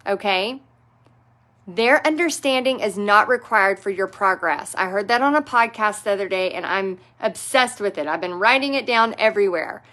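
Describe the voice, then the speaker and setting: A woman who teaches painting hosts a live stream, chatting casually and encouragingly with her viewers. Her voice is a little high and a bit bright.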